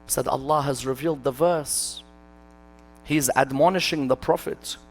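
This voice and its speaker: A man giving an impassioned religious lecture, asking rhetorical questions and swinging between loud emphasis and hushed asides. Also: medium pitch, fairly even intonation, moderate pace, a little hiss or hum. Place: mosque hall.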